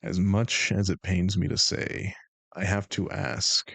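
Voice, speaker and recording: A man's voice: low-pitched, completely flat delivery, slow pace, vocal fry, fairly bright tone, husky, no room sound. A young man streaming and bantering with his chat, joking and sarcastic. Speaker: streamer and game master.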